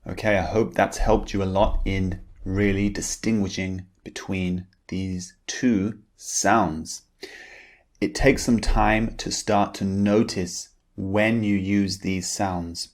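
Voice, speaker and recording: A British English-accented man leads a pronunciation lesson, saying each word carefully for listeners to repeat. His voice sits very low and he speaks slowly and deliberately. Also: flat delivery. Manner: deliberate, modeling words for learners to repeat. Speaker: pronunciation teacher.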